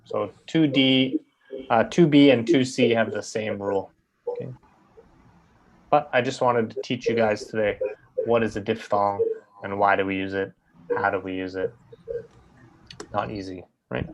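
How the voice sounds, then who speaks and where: A man with a fairly low, fairly even voice teaches an English pronunciation lesson. He stretches out the model sounds slowly and keeps checking in with "right?"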